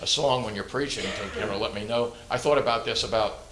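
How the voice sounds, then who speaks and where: A man preaching a relaxed, conversational sermon, halting often with fillers and self-deprecating jokes. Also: on the low side, slight background noise.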